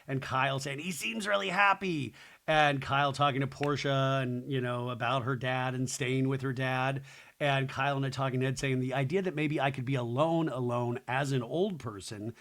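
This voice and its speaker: A man's voice: medium pitch, fairly even intonation, normal speed, a bit bright. A man hosting a podcast, chatting casually through a reality TV recap with opinionated asides. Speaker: podcast host.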